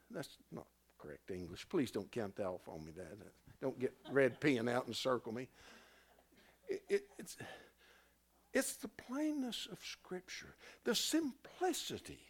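A man with a medium-pitched voice speaks a little slowly as he leads a Bible class in a loose, conversational style. He's animated, often breaking off to quiz the class and restarting his sentences midway.

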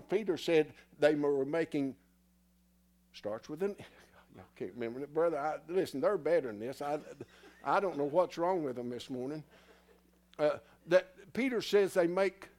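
A man's voice: fairly high pitch, a little mellow. A man preaching a sermon in a church in a folksy, teasing way, somewhat out of breath. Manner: folksy, teasing the congregation, spells words letter by letter.

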